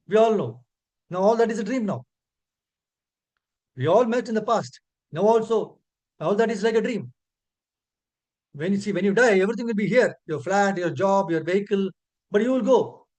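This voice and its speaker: High-voiced Indian English preacher. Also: male voice, darkish tone. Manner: slow chanted verse recitation; earnest, asks listeners "correct?". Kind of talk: scripture class.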